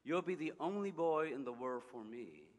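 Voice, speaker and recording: A man reading as a wise gentle fox. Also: a little high, lively intonation, pitched above the performer's own voice, close to an everyday voice. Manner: slow, earnest storybook reading. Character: wise gentle male fox, patient teacher. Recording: long hall reverb.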